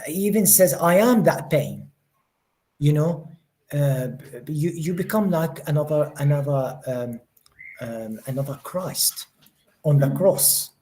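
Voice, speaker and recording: A man's voice: fairly high pitch, a little slow, mellow. Male religious teacher, earnest, often repeats words while finding his phrasing, live study-group session. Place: study day session room with listeners.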